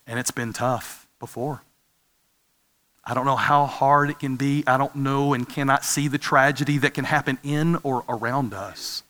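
Male preacher, 40s, chatty sermon style, bright edge, echo of a big hall. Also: mid-range voice. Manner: conversational, asks the audience questions. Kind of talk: sermon with personal story. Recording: reverberant hall.

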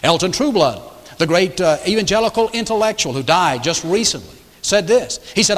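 A man's voice: on the high side, animated, fairly quick, fairly bright tone. A male pastor preaching a sermon in a church auditorium, with rhetorical questions and emphatic repetition. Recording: echoey large hall.

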